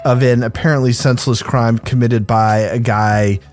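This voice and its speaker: A man's voice: medium pitch, steady tone, moderate pace, darkish tone, soft background music. Musing podcast co-host man. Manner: musing, hedging with "like" and "I mean". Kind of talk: casual chat.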